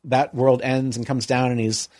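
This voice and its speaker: A man's voice: mid-range voice, flat delivery, normal speed, darkish tone, no room sound. A man in an easygoing conversation spins out a long anecdote, circling back with constant fillers. His voice sits in an ordinary middle register. The recording is close and completely dry. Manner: rambling, full of "like" and "you know". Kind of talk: casual storytelling chat.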